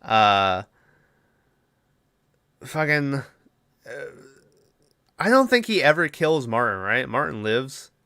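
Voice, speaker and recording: A man's voice: medium pitch, sing-song, takes it slowly, long pauses, sharp tone, clear, resonant tone, no echo, studio quality. A young man co-hosting a podcast, rambling through a movie plot with lots of swearing and fillers. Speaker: podcast co-host. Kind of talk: casual movie recap chat.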